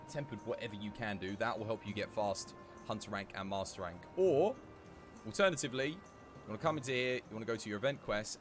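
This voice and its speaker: A young man streaming a game, chatting excitably with his viewers. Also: mid-range voice. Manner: chatty, excitable, talks to chat. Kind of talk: casual live-stream chat.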